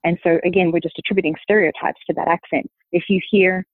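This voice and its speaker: A woman with a softened Australian accent, a linguist guest explaining her views in a measured, thinking-aloud way. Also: on the low side, steady tone, no room sound. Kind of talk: conversational interview answer. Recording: dry tinny phone-like line.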